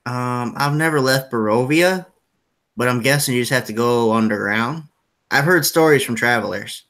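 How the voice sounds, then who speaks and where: A man's voice: mid-range voice, normal speed, fairly bright tone. A young man narrating as game master in a playful, rambling way, often restarting his words. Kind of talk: narrating and voicing characters in a tabletop game.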